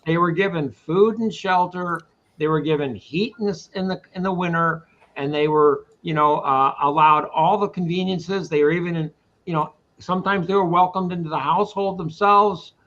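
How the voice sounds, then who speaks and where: A man's voice: on the high side, normal speed, fairly bright tone, lo-fi sound. A man hosting a casual live-stream talk who rambles, repeats himself and speaks his mind, from Boston. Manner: rambling, opinionated, repeats words. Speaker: host.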